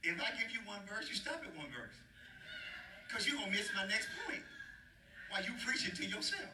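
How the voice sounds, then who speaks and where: A man's voice: high voice, very animated, brisk, noisy background. A male pastor preaching a sermon with call-and-response, urging the congregation to answer and chuckling between phrases, in a church. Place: church sanctuary. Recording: roomy, mic at a distance.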